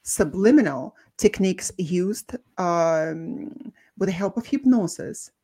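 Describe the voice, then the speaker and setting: A woman co-hosting a podcast, talking thoughtfully with many pauses and restarts. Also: on the low side, lively intonation, mellow. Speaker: co-host, doctor. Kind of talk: casual podcast talk.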